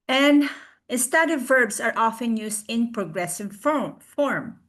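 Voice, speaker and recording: A woman presenting a recorded online class on a video call, explaining slowly with fillers and restarts. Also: mid-range voice, animated, fairly bright tone.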